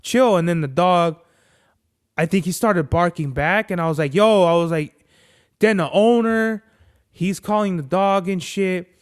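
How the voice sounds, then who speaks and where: A man hosts a laid-back podcast, cursing freely and telling his stories with lots of energy. His voice sits fairly high for a man, clear and smooth. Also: a little slow. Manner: profane, animated storytelling with acted-out quotes. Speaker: podcast host. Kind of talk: casual chat.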